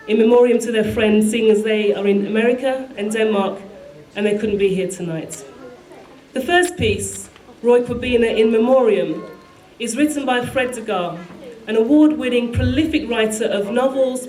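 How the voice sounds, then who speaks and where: A woman giving a tribute speech, telling a story and then reading a piece aloud to the audience. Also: a little high. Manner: warm storyteller, reads aloud, call-and-response. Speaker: speaker at a tribute. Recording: echoey hall with light noise.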